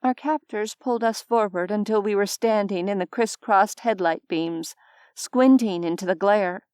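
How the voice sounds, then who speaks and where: A woman reading a first-person audiobook with wry, even storytelling. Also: medium pitch, moderate pace, clean tone, no echo, clean studio sound. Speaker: audiobook narrator. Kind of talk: scripted first-person narration.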